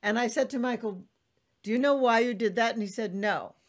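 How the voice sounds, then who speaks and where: A woman's voice: fairly high pitch, brisk. A woman hosting a podcast in casual conversation, effusive and emphatic, acting out quotes in a raised voice. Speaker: podcast host.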